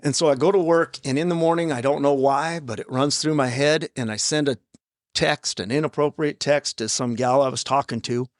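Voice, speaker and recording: A man in his fifties, a podcast guest, telling his own story in a raw, halting way with blunt profanity. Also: medium pitch, fairly even intonation, no echo, studio quality. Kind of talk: candid personal storytelling in an interview. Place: podcast studio. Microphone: studio microphone.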